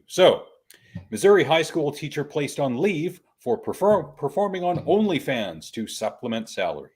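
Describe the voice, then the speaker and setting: A man's voice: on the high side, sing-song, moderate pace, darkish tone, husky. A man hosting a casual podcast, reading out stories in a mock-formal way and addressing listeners as good people. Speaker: podcast host.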